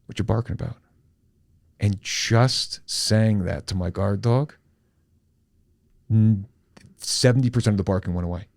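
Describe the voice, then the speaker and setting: A middle-aged man hosting a podcast, telling a personal story candidly and with animation, sometimes slowing down and sometimes rushing. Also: on the low side, vocal fry, dry recording. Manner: animated, candid, swings between slow and rushed. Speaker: podcast host.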